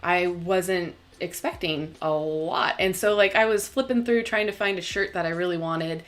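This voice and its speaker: A young woman hosting a tarot live stream, talking casually and bubbly, laughing often and filling pauses with "um". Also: on the low side, fairly bright tone. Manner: chatty, bubbly, laughs often, many fillers. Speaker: tarot channel host.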